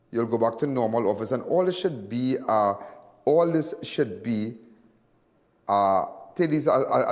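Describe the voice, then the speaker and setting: A man's voice: medium pitch, big-room sound. A man with a Trinidadian accent hosting a live news show, talking in a rambling, repetitive way in local dialect. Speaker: host of a crime news show. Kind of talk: emotional live commentary.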